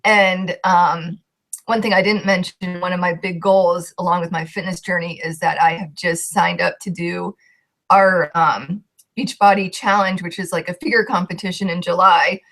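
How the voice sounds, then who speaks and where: A woman's voice: fairly low pitch, fairly even intonation, moderate pace, a bit bright. A young woman, a coach, telling her personal story with heartfelt emotion and a voice that shakes at times.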